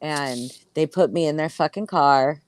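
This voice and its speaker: A woman, around her thirties, telling a story in casual chat, profane and animated. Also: low voice, a little slow. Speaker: podcast host.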